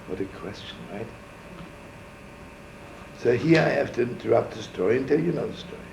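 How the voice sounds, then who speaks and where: Gravelly rabbi guy rambling thru a story, lots of "right?", echoey old muffled tape. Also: medium pitch, lively intonation, fairly quick, background noise. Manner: folksy, digressive, with frequent "right?" asides; sprinkles Yiddish words. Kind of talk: informal storytelling talk. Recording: echoey, muffled archival room recording.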